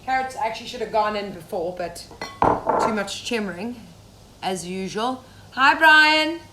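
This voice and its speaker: A young woman from Zimbabwe who cooks on safaris leads a live cooking demo from her home kitchen, chatting casually and naming viewers as she greets them. She speaks a little slowly in an expressive, medium-pitched voice, with echo and faint background noise in the room.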